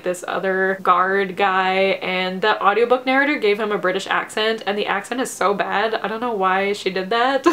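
A young woman, chatting casually about her reading in a rambling way with many fillers and frequent laughs, sounding tired and low on energy. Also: a bit bright, slight background noise. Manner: laughs often. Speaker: book vlogger. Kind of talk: casual chat.

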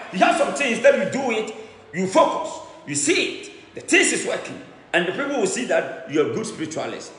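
A man with a Ghanaian accent, a traditional priest boasting in fiery declamation, swinging between shouts and low mutters and repeating his phrases. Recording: echoey room with long reverb.

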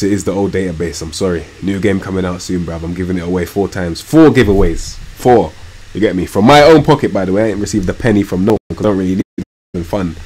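Excitable young streamer, lively pitch. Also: male voice, slightly rough. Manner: excitable, swings from low muttering to loud yelling, swears a lot. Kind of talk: live game commentary.

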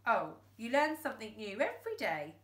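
Woman putting on a squeaky, slow, dim storybook crook; roomy room sound. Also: wildly swooping pitch, fairly bright tone. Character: dim-witted male crook. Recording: roomy echo.

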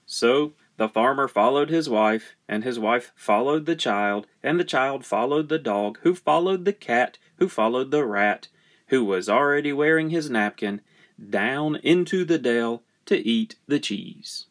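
A man reading a children's storybook aloud with gentle, playful storytelling. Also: medium pitch, animated, a little slow. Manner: gentle, playful storytelling with lots of sound effects. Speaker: narrator.

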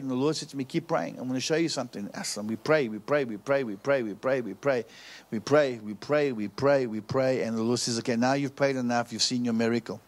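A man preaching, telling a story and repeating phrases for emphasis. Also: medium pitch. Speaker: pastor. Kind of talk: preaching sermon.

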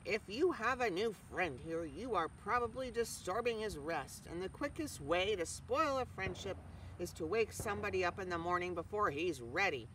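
A storyteller voicing a grumpy old sheep who scolds slowly and with disdain. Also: mid-range voice, animated, a bit bright, slight background noise, lightly acted, low-quality recording. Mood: scolding.

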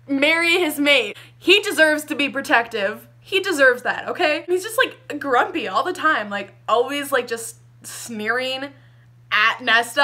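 A young woman gushing about a book she loved, talking casually and excitably with lots of "like" fillers. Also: high voice. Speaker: book reviewer.

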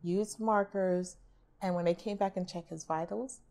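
A woman's voice: fairly low pitch, fairly even intonation, moderate pace, dark tone. A middle-aged woman, an art therapist, talking casually in a podcast interview and acting out quoted remarks. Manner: chatty, acts out quoted remarks.

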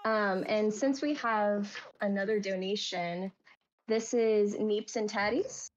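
A woman's voice: mid-range voice, slow pace. A woman speedrunner chatting casually and easily while she plays on stream. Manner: chatty, easygoing. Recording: dull lo-fi mic.

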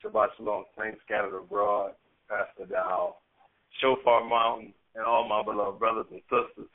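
Excited low-voiced caller on a phone line. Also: male voice, moderate pace. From Michigan. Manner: emotional, excited, repeats praise.

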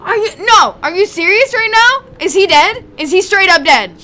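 A young woman playing through a video game, reacting out loud with excitement, emotion and pleading. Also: extremely high pitch, moderate pace. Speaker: let's play gamer. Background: faint game music.

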